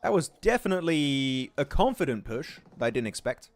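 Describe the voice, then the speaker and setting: A brisk, medium-pitched young man from England casts a mobile esports match on a livestream, with no room sound in the clip. Excitable and casual, he reacts to plays and reads chat out loud.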